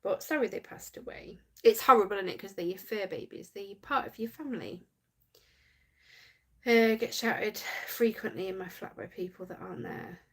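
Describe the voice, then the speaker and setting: A chatty woman hosts a livestream and reads out her viewers' comments. She giggles often and talks in a loose, friendly way. Her voice sits at an ordinary middle pitch for a woman. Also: moderate pace, breathy edge. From United Kingdom. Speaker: livestream host reading chat. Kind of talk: casual livestream chat.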